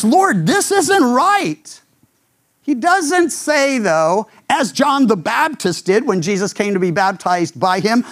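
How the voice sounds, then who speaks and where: Pastor, male, lively sweeping delivery that jumps up to voice the people he quotes. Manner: animated, acts out quoted speakers with big pitch jumps. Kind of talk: expository sermon.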